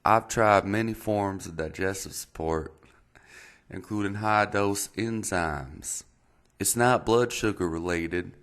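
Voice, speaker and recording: A man's voice: lowish voice, slow, a bit bright, voice pushed up. A man reading out a message in a put-on Texas accent, voicing a laid-back young Texan guy. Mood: casual. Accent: put-on Texas drawl. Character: casual young Texan guy asking a question.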